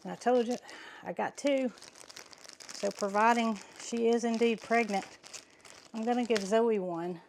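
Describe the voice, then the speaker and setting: A middle-aged woman, chatting excitedly to viewers in a vlog while walking in a pasture, a little out of breath. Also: fairly high pitch, a little slow, creaky, pauses often, slight background noise. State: slightly out of breath. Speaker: farm vlogger. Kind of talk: casual vlog narration. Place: outdoors in a pasture.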